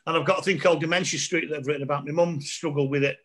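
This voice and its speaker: A man's voice: fairly high pitch, fairly even intonation, racing, a bit bright. Laughing middle-aged man telling rambling stories. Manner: laughing often, rambling anecdotes with asides. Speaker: comedian guest. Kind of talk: casual storytelling chat over a video call. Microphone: video call.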